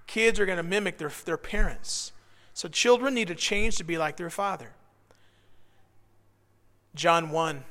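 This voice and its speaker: A man leading a devotional Bible study, earnest, moving between hushed reflection and excited praise. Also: fairly high pitch, measured pace, long pauses, in a large hall. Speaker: pastor.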